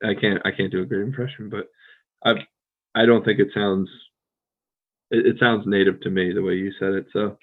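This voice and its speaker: An American man co-hosting a podcast, chatting casually with a relaxed, rambling manner full of fillers and restarts. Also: fairly low pitch, moderate pace, pauses often, phone-quality sound. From United States. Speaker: podcast co-host. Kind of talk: casual conversational chat.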